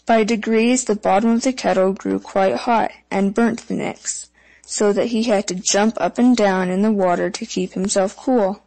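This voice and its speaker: A woman narrating a fairy tale audiobook in an even, measured storytelling manner. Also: mid-range voice, poor audio.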